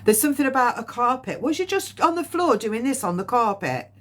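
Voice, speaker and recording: A woman's voice: a little high, sing-song, brisk, a bit bright. A woman giving a live psychic reading, rambling with many ums, coughing often and getting emotional at times. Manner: emotional, near tears at times. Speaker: medium.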